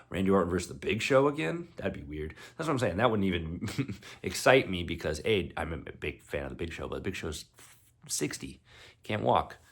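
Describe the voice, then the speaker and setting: A man chatting casually as a wrestling vlogger, rambling and excitable, breaking into laughter easily. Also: deep voice. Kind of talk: casual chat.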